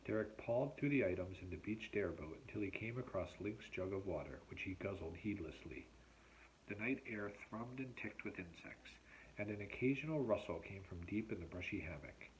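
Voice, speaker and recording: A male teacher reading a novel aloud at home, expressive and measured in his storytelling. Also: on the low side, slight background noise, rough recording.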